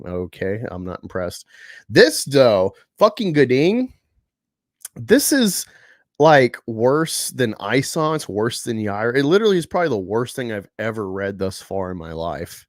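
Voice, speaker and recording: A man's voice: lowish voice, lively intonation, normal speed, no room sound, studio quality. A man hosting a casual live stream about comic books. He rambles, swears freely and talks with sarcasm. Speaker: host. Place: home room at a table.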